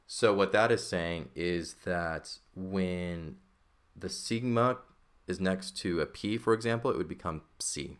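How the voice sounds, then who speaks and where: A man's voice: low-pitched, a bit bright. A man teaching a recorded language lesson, explaining step by step, checking in with the listener and correcting himself as he goes. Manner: explanatory, checks in with "okay" and "right"; thinks aloud, self-correcting. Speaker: Greek teacher.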